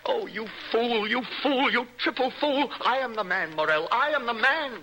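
A young actor playing a nervous, intense poet in a radio play, with a dreamy, impassioned manner. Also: male voice, very high voice, very animated, brisk, pushed and bright, slight background noise, full character voice, low-quality recording. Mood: exalted. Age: young adult. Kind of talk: radio stage-play acting.

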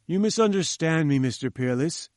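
A man's voice: fairly high pitch, lively intonation, moderate pace, darkish tone, no room sound, studio quality, pitched above the performer's own voice, natural voice. A man reading as a haughty, imperious old scientist. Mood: curt, haughty. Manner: commanding, dismissive, grandly emphatic. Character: imperious domineering male scientist, older, bearded. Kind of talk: audiobook character reading.

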